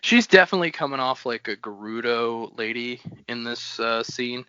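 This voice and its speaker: A man chats casually about a book with friends, animated and ready to jump into playful voices. His tone is bright and forward, recorded dry and close. The audio is slightly dull and lo-fi. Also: medium pitch, clean tone, no echo. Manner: animated, does quick character voices. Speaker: podcast co-host. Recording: dull lo-fi sound.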